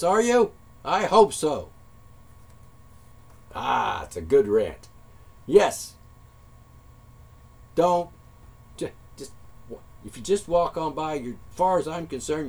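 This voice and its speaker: A man's voice: a little high, very animated, takes it slowly, pauses often, a little mellow, breathy edge. A man delivering a heated, profane monologue rant straight at his listeners. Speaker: vlogger.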